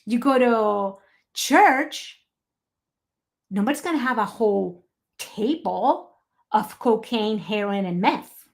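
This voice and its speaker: A woman's voice: medium pitch, lively intonation, slow pace, creaky, long pauses. A woman giving an online health presentation, talking with emphasis and breaking off to apologise and answer viewers by name.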